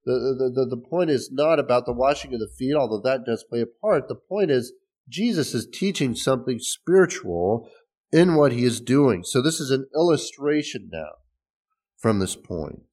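A man's voice: medium pitch, animated, normal speed, darkish tone. Guy preaching a sermon, chatty and easygoing, stumbles and restarts now and then. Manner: conversational, with restarts and small laughs. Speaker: pastor.

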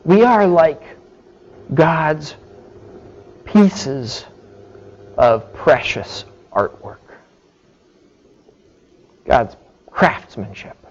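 A man preaching a sermon, explaining scripture slowly and deliberately and checking in with his listeners. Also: on the high side, big pitch swings, dull audio. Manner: slow, deliberate teaching with frequent "okay" check-ins.

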